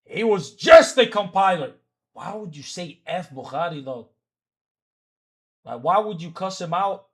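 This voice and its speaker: A man's voice: sits high, expressive, unhurried, long pauses, a bit bright. A man streaming live, giving reaction commentary in heated, profane rants at viewers, with repeated oaths. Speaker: livestreamer.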